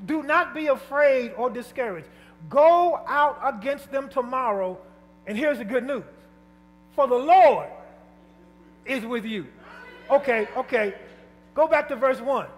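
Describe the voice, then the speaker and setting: A pastor preaching an emphatic, rhythmic call-and-response sermon in a church sanctuary. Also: male voice, very high-pitched, lively intonation, a little slow, pauses often. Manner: emphatic, rhythmic preaching with repeated calls to the congregation. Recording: long church reverb with music behind.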